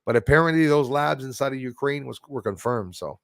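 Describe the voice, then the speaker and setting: A man's voice: mid-range voice, expressive, a little fast, gravelly, a bit bright, dry recording, studio quality. A man hosting a casual livestream, rambling and opinionated as he reads out viewer comments and laughs at his own jokes. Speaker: livestream host.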